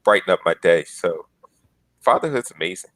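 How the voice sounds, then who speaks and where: Low-voiced man sharing fatherhood stories. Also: lively intonation, normal speed, fairly bright tone, dry recording, poor audio. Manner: earnest storyteller, acts out quoted lines. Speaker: podcast panelist. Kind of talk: casual panel discussion.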